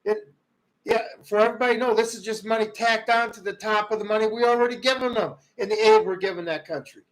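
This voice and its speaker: A man hosting a livestream, ranting about politics in a heated way, swinging from loud outbursts to low muttering. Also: fairly even intonation, fast talker, low-quality recording. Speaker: livestream host. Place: rural home.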